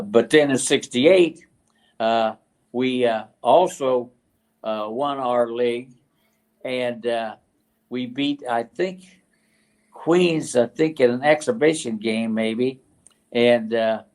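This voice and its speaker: An older man from West Virginia, a retired football coach, telling stories as a guest in an interview, halting and full of fillers and restarts. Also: mid-range voice, darkish tone. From West Virginia, USA. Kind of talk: storytelling interview.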